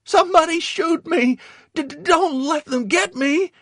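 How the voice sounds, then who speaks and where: A shrieking, terrified wounded soldier. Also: male voice, extremely high pitch, a little slow, a bit bright, no room sound, clean studio sound, pitched above the performer's own voice, exaggerated voice. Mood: panicked shrieking. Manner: shrieking, stammering in terror. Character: panicking wounded young male Marine soldier.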